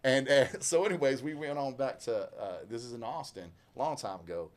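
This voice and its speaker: A man with a Southwest Louisiana accent and a gravelly growl in his voice, telling a rambling, folksy story in casual chat as a country singer guest. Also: mid-range voice, moderate pace. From Lake Charles, Louisiana. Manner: rambling, folksy, self-interrupting. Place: inside a vehicle.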